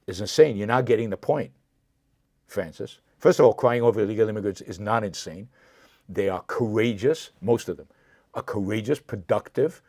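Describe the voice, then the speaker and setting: A man's voice: on the low side, darkish tone, no room sound, studio quality. A man hosting a live political commentary show, speaking with impassioned indignation and answering viewer comments directly. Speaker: show host.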